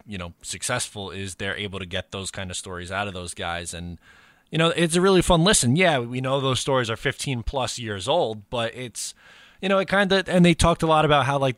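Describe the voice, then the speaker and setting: Man, fairly low voice, easygoing sports podcast co-host, dry close mic. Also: a bit bright, no echo. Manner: easygoing, agreeing, filler-heavy. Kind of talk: casual sports chat.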